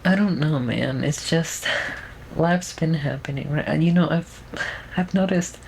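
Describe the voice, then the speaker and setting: Trained feminine voice, mid pitch, young adult, casual home vlog, rambling with fillers, faint background hiss. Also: unhurried, vocal fry, a little mellow, poor audio. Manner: rambling, many fillers and restarts. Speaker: vlogger. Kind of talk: casual video update. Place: at home, alone with camera.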